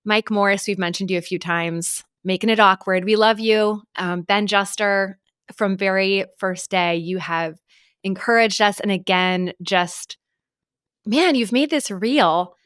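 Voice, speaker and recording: A woman's voice: mid-range voice, clean tone, dry recording. Reflective woman podcast co-host, dry mic. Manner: warm, reflective, affirming. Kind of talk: casual chat.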